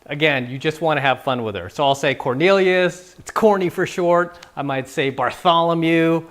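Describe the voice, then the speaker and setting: Offering laid-back, playful tips on dating, this San Francisco dating coach now and then performs the lines he quotes in his casual instructional talk. His voice is a little high and fairly bright, at a moderate pace.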